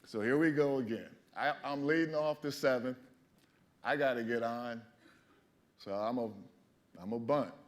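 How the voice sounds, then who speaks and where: A man in his fifties stands before a library audience and tells stories from his playing days. He talks in an animated way, laughs often and acts out his own reactions. His pitch sits in the middle range for a man. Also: normal speed, pauses often. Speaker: former baseball player telling stories. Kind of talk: storytelling talk at a library event. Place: public library event hall.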